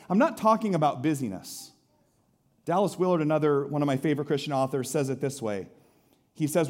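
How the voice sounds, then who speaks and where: A man preaching a sermon, swinging between loud emphatic lines and soft, slow, drawn-out phrases. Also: fairly high pitch, very animated. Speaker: pastor.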